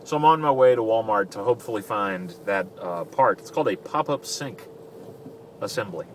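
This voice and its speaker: A man's voice: on the low side, animated, moderate pace. A middle-aged man from southern Louisiana, a radio fill-in DJ, talking in a rambling, self-mocking way in a casual vlog while he drives. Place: inside a car. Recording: mic a bit distant, faint road noise.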